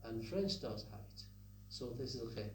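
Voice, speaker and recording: A man's voice: medium pitch, expressive, normal speed, darkish tone, recorded from a distance. A man teaching phonetics in a recorded lecture, repeating sounds and words and asking the listeners questions. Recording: echoey room with faint hum.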